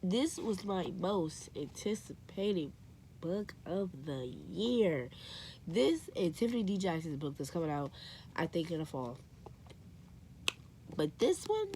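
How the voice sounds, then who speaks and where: A woman's voice: fairly low pitch, a little hiss or hum. Chatty young woman book vlogger. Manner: chatty, excitable, says "like" and "y'all". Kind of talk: casual vlog chat to camera.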